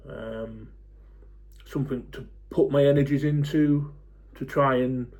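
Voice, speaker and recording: A man in his forties, talking to camera in a blunt, fed-up rant, swearing freely and pausing on lots of ums. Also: on the high side. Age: 40s. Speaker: football fan YouTuber.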